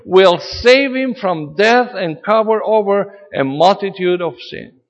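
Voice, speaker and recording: A man's voice: sits high, lively intonation, slow pace. A man preaching a sermon in an earnest, emphatic way, his delivery rising and falling for emphasis. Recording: dull reverberant hall sound.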